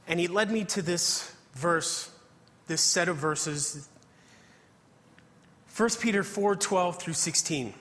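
A man's voice: high-pitched, takes it slowly, fairly bright tone. A man preaching a testimony sermon, telling his story earnestly and reading scripture aloud. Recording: hall reverb.

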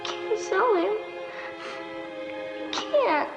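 A woman's voice: very high voice, lively intonation, very slow, muffled recording, over music, exaggerated voice. A woman voicing a young boy who pleads tearfully with his father. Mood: pleading. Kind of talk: animated film dialogue.

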